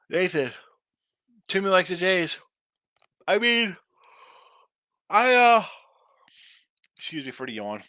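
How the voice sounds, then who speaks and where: A man's voice: high voice, sing-song, pushed and bright, dry recording, clean studio sound. A man hosting a sports betting show, chatting casually and sarcastically while reading viewer comments. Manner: brash, fast-talking, sarcastic. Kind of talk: casual live-stream talk, reading chat.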